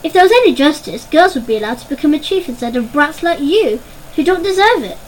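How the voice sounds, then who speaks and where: A woman's voice: high-pitched, animated, quick pace, a little hiss or hum, voice pushed up, poor audio. A woman playing a bossy big-sister rabbit. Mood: smug. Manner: bossy, scolding, self-righteous. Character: bossy older girl rabbit, the eldest sister.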